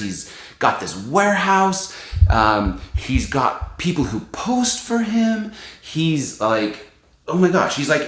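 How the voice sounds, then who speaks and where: A man hosting his book channel, telling a story in an animated, casual way with lots of fillers. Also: medium pitch, roomy sound. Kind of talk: excited casual vlog talk.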